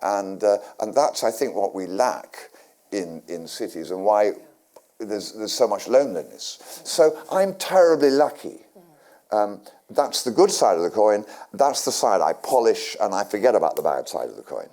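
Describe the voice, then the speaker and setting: An older man from England, the guest at a live stage interview, spins long anecdotes full of restarts and dry asides. His voice is fairly low and mellow, and it swings widely in pitch as he tells his stories. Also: big pitch swings, moderate pace. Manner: rambling anecdotes with frequent restarts and dry humour. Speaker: guest actor. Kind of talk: storytelling on stage. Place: community centre hall with live audience.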